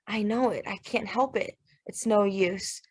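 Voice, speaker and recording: A woman reading the quoted lines of a troubled, brooding young man in a subdued, low, flat manner. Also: normal speed, no echo, clean studio sound. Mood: weary.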